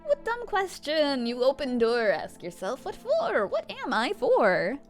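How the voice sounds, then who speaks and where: A woman's voice: high-pitched, wildly swooping pitch, a little slow, soft background music, pitched above the performer's own voice, exaggerated voice. A woman voicing an odd visitor in a game, clipped and blunt, dropping small words.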